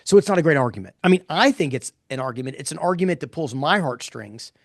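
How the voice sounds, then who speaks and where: A middle-aged man presenting poll findings in a casual live talk, blunt and animated, rambling with restarts. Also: on the high side, fast talker, no echo, studio quality. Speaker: pollster presenting poll results.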